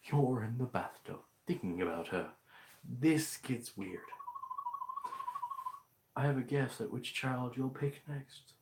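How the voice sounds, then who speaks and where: A man's voice: mid-range voice, animated, slow, gravelly, long pauses. Joking, profane man in an echoey room. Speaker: streamer. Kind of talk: casual gameplay commentary. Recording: echoey room, faint noise.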